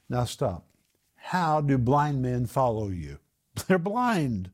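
A man preaching a sermon, animated, acting out the voices of the people in the story as he tells it. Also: medium pitch, slow.

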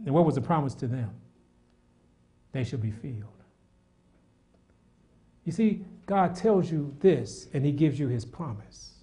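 A man preaching a sermon, moving between loud, fervent exhortation and quiet, prayerful passages, repeating words as he builds up. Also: mid-range voice, lively intonation, a little slow, pauses often. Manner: repeats words when worked up.

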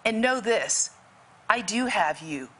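A woman's voice: medium pitch, expressive, slow, fairly bright tone. A woman guest telling a faith story vividly, acting out the dialogue in it. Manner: vivid, acts out quoted dialogue. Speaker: guest author. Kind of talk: storytelling testimony.

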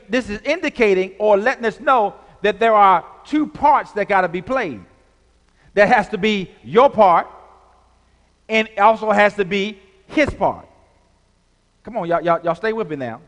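A man's voice: high voice, a bit bright. A man preaching a sermon as pastor, working the congregation with call-and-response and stretched-out emphasis. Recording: long hall reverb.

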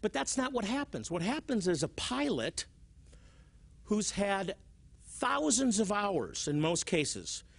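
Man teaching the Bible on TV. His voice is high for a man and swings widely in pitch. He tells stories and acts out his examples. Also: slow, vocal fry, slightly rough. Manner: animated, repeats words, acts out examples.

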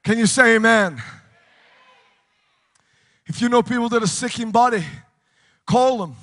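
A British man preaching a revival sermon, impassioned and shouting to a congregation in a large church hall. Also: very high-pitched, unhurried. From United Kingdom. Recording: long reverb of a large hall.

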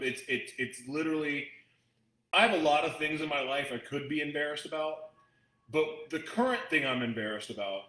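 A man with a mid-range, bright voice and forceful tone hosts a casual storytelling talk, heard on a reverberant, low-quality recording. Addressing his audience, he chats in a rambling, emotional way with frequent restarts.

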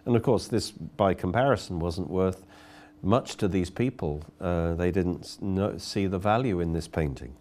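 A man's voice: deep voice, moderate pace, a little mellow. A man preaching a sermon, telling a story earnestly and often repeating words as he goes.

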